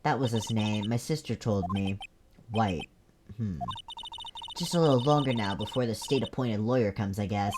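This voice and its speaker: Very low-voiced woman reading game dialogue. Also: moderate pace, noisy background. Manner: reads all parts in her own voice, jokes between lines. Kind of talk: casual playthrough reading aloud. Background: game music.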